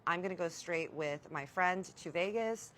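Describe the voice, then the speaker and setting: A woman's voice: fairly low pitch, unhurried, a bit bright, slight background noise. A woman quoting a dismissive, stubborn husband. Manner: curt, dismissive.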